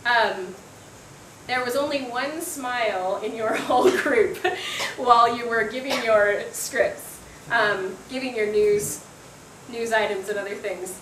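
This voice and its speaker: Woman teacher going over a student group's work, kinda high voice, lots of ums and little laughs, echoey classroom w/ faint hum. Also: takes it slowly, fairly bright tone. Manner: encouraging, frequent laughs and ums. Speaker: English teacher. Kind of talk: spoken feedback to a class. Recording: echoey room, faint room noise.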